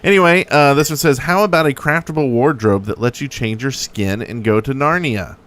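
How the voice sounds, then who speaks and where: A man with a mid-range, ordinary pitch hosts a podcast in loose, casual chat. His delivery is playful and jokey, and he tosses out silly ideas between listener submissions. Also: moderate pace, fairly bright tone. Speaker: podcast host.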